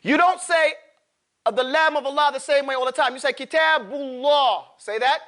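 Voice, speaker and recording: Casting note: man, classroom tajweed teacher, high and bright, casual joking drill-master. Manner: drills students, models recitation slowly, casual and joking. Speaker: Quran recitation teacher.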